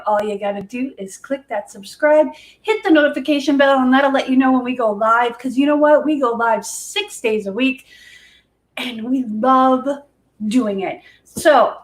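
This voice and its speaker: A woman's voice: high-pitched, moderate pace. A woman hosting a casual art livestream, chatty and folksy, laughing often. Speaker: livestream host, acrylic pour artist.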